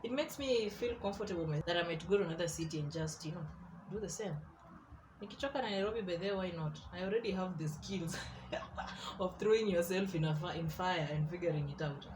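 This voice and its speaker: Animated young Kenyan woman telling stories. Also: lowish voice, a little fast, background noise. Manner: animated, laughing, mixes English with Swahili slang. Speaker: artist and vlogger. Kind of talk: casual storytelling vlog.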